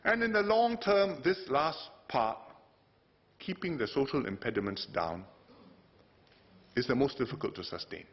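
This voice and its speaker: A man speaks to parliament, measured and unhurried, breaking his points into short phrases. His pitch swings widely, climbing sharply on words he stresses. The sound is dull and muffled, as from a podium microphone in a broadcast chamber. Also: expressive. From Singapore. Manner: measured, delivered in short phrases with emphatic rises. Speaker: politician addressing parliament. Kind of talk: formal parliamentary speech.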